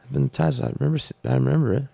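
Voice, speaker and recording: A man's voice: mid-range voice, fairly even intonation, rapid-fire, gravelly, mellow. A man co-hosting a casual podcast, answering bluntly with short profane quips. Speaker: podcast co-host. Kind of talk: casual banter.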